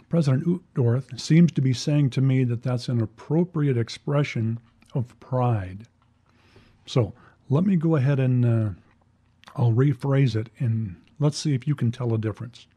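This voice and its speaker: A man hosting a religious commentary podcast, talking in a conversational way with fillers and reading quotes slowly and deliberately. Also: medium pitch, mellow, husky. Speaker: podcast host.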